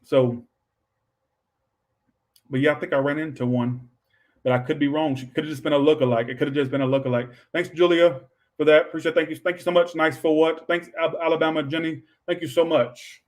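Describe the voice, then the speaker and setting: A man's voice: fairly high pitch, steady tone, fairly quick, poor audio. A man giving a casual livestream tarot reading. He rambles and swears offhand, says he is tired, and keeps adding "all right". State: tired, low on energy. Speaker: tarot reader.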